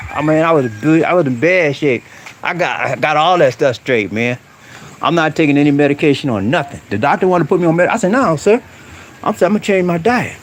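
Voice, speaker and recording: Speaking in a fairly high voice over slight background noise, this middle-aged man hosts a casual outdoor live stream in a rural setting. He lectures bluntly and addresses his viewers head-on using slang.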